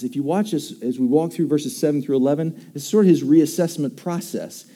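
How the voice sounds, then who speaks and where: Dark-voiced pastor preaching a conversational sermon. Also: male voice, mid-range voice. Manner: conversational, emphatic, asks the congregation questions.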